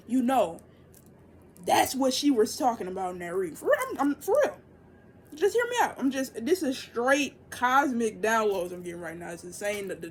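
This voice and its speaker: A young woman giving a casual, profane oracle reading, loose and chatty, jumping into excited high bursts. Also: slight background noise. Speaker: tarot and oracle reader.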